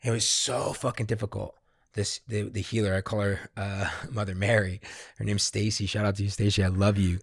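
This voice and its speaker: A man, a podcast guest, candidly recounting a personal experience in casual, profanity-laced talk that grows animated when he quotes himself. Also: lowish voice, fairly quick, vocal fry, husky, no room sound, studio quality. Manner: swears freely, animated when quoting himself. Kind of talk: candid conversational storytelling.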